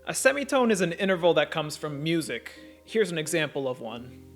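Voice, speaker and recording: Calm male narrator, slightly high voice, methodical lesson voice-over. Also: brisk, faint music behind. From United States. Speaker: language teacher.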